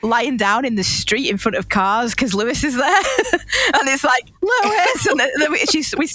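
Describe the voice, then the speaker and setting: A young woman chats on a podcast, her voice sitting a little high. She tells stories in a loose, rambling way, laughing often and restarting her sentences. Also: expressive, normal speed, a bit bright. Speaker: podcast co-host. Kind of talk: casual chat.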